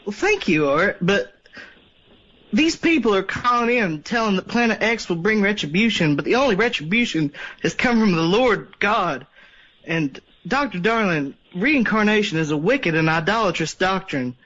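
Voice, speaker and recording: A man's voice: high voice, animated, moderate pace, a bit bright, dull audio. A man calling in to a radio show, speaking in a preachy, scolding way. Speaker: caller.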